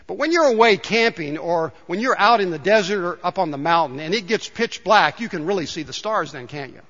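Speaking a little fast in a high, expressive voice with a touch of brightness, this pastor delivers a chatty sermon and keeps asking his congregation questions. It was captured in a church sanctuary, and the audio is dull and echoing.

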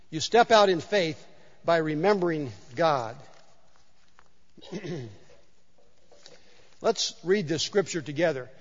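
High-voiced pastor preaching in a hall. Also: male voice, fairly bright tone. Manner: conversational storytelling with emphatic repetition. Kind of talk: sermon. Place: church sanctuary. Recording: dull sound with long hall reverb.

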